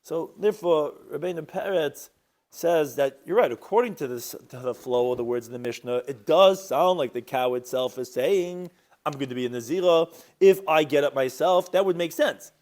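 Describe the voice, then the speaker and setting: Animated man teaching a Talmud class. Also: on the high side, moderate pace. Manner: animated, rhetorical questions, mixes Hebrew and Aramaic terms. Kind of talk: Talmud lecture.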